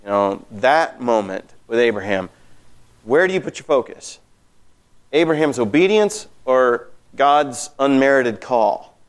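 A man teaching a Bible study class, talking in an animated, emphatic way with many fillers. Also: medium pitch, unhurried, clean tone.

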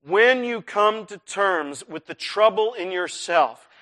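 Animated, bright-voiced male preacher. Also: high voice, slow pace. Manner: animated storytelling, swings from hushed to shouted. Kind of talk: sermon with personal story.

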